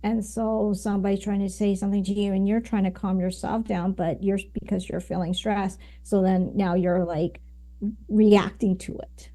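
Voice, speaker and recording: A woman's voice: mid-range voice, little pitch movement, moderate pace, dark tone. A woman guest in an interview, explaining ideas with frequent fillers and tag questions. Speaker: guest, communication coach. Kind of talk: conversational interview.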